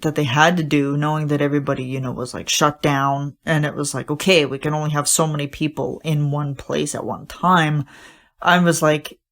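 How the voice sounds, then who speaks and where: Low-voiced woman gushing on a podcast. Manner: gushing, rambling, many fillers and restarts. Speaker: podcast host. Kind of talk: casual solo podcast talk.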